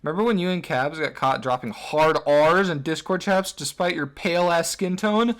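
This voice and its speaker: A man's voice: on the high side, moderate pace, hardly any pauses. A man narrating an online commentary video in a sarcastic, crude way with lots of swearing.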